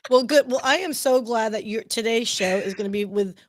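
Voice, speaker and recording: A woman's voice: on the high side, a little fast, dry recording, studio quality. A woman co-hosting a live stream over a video call, teasing her partner playfully and laughing mid-sentence. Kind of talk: casual live stream chat.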